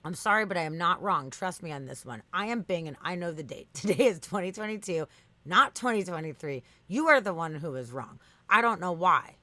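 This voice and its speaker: A woman's voice: on the low side, animated, fast talker, hardly any pauses, sharp tone, no room sound. A woman reading aloud as a stubborn, defensive chatbot that lectures in insistent, repetitive lists. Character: stubborn defensive chatbot, machine, self-righteous.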